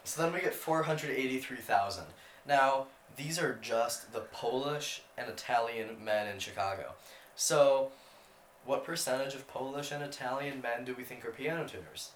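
A young man talks through numbers on a casual podcast, pausing and restarting as he goes. His voice sits in the middle range. The room around him is echoey, with a light hum of ambience. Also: medium pitch. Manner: hesitant, restarts, many fillers. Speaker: podcast co-host. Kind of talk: casual chat, working out an estimate aloud.

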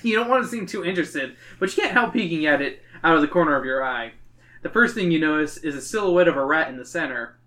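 A host reads a gamebook aloud in a casual voice. The reader breaks off for joking asides. The pitch sits in the middle range. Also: expressive, quick pace, a bit bright. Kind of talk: reading a book aloud with jokes.

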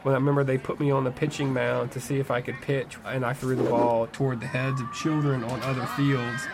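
A man's voice: medium pitch, a little hiss or hum. A man telling a personal story in a wry, self-deprecating, conversational way, full of casual fillers. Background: music score.

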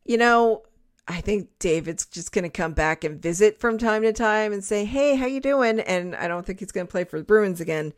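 A woman's voice: on the low side, moderate pace. A woman in her forties, co-hosting a casual sports podcast, chatty with laughing asides. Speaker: podcast co-host. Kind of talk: casual chat.

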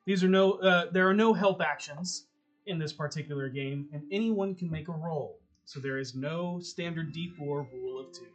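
A man acting as game master, narrating a tabletop role-playing game in a measured, descriptive way. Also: a little high, lo-fi sound, soft background music.

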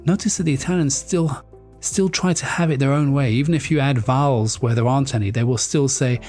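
A man from France gives a lively presentation talk, his voice sitting at an ordinary middle pitch. He restarts words now and then and slips into playful accent impressions. Faint music plays behind him. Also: brisk. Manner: animated, playfully mimics foreign accents, frequent restarts. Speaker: speaker on brand naming.

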